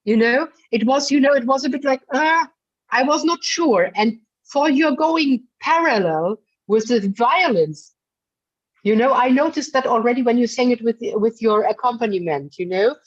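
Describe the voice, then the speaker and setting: A fairly high, expressive female voice at normal speed leads a singing masterclass on a dull lo-fi recording. She coaches the singer bluntly but fondly, calling her darling, and chats with plenty of fillers.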